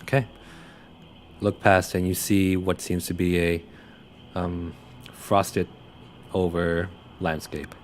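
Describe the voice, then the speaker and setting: Young male game master, very low voice, halting narration full of fillers, faint noise behind. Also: flat delivery.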